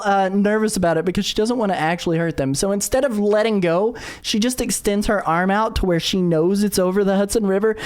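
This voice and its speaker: A man's voice: high voice, clean tone. Man narrating a tabletop game, lots of ums. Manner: loose, filler-heavy storytelling. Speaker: game master.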